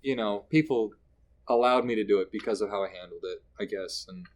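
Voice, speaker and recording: Animated comedian guest from Canada. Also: male voice, on the low side, brisk. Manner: animated storyteller, acts out quoted lines. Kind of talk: casual interview chat.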